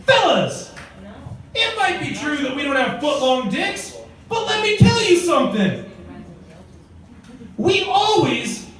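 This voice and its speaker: A comedian voicing a wise old male English village gent who makes a loud, grand announcement. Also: extremely high pitch, big pitch swings, slow, pauses often, pitched above the performer's own voice, exaggerated voice. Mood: grandiose. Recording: echoey club from far off, crowd.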